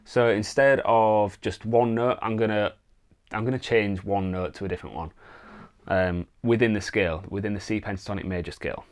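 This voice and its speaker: A man teaching songwriting in a relaxed, casual way, thinking aloud and demonstrating on guitar. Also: fairly low pitch, moderate pace. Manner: relaxed, thinks aloud with fillers, sings wordless vocal lines. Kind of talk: casual instructional talk with guitar demos. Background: acoustic guitar playing.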